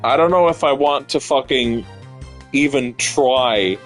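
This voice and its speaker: A man's voice: medium pitch, unhurried, faint music behind. Blunt, swearing male streamer. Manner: blunt, swearing, joking aside. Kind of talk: casual live-stream commentary.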